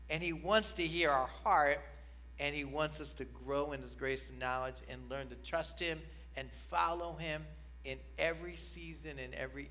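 A man's voice: a little high, sharp tone, rough recording. A male pastor with a New Jersey accent preaching a sermon in a church, conversational and often building to emphatic passages. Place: church sanctuary.

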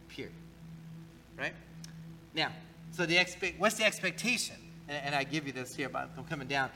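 A man's voice: a little high, expressive, normal speed, pauses often, background noise. A male pastor preaching a conversational sermon in church, talking casually, often repeating words and asking the congregation questions.

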